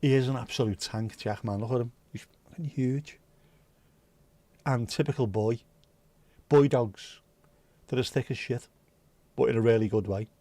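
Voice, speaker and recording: A man's voice: medium pitch, normal speed, pauses often, dark tone, no room sound. A man hosting a casual livestream, chatting loosely, swearing and rambling as he reads viewer comments. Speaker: livestream host.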